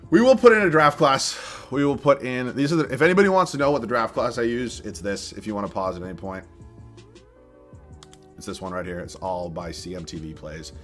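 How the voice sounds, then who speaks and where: A man's voice: medium pitch, expressive, fairly quick, a bit bright, faint music behind. A young man from southern Massachusetts streaming live, chatting casually, thinking aloud and laughing as he reads viewer chat.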